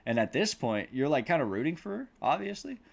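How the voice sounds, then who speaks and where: A podcast host recaps a film casually, rambling, swearing freely, and acting out quotes. His high-leaning voice is very animated and brisk, creaky and slightly rough.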